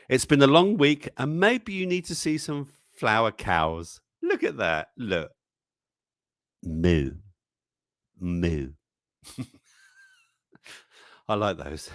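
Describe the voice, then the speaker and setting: A man's voice: lowish voice, a bit bright, no room sound, clean studio sound. A man hosting a casual live-stream news show, chatting and reading memes aloud, chuckling often and exclaiming over what he shows. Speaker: livestream news show host.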